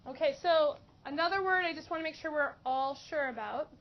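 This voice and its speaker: A woman teaching a high school math class, asking questions and encouraging students. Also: a little fast. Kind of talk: classroom lesson. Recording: dull lo-fi classroom recording with faint noise.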